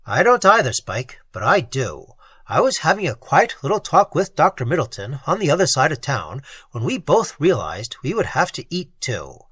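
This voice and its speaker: A gentle, sorrowful man who speaks softly and sympathetically, a farm implement salesman from a pulp story, as a storyteller puts him on. The voice is a little husky and recorded close. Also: mid-range voice, wildly swooping pitch, moderate pace, no room sound, exaggerated voice. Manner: sad and sympathetic. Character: gentle, melancholy male salesman.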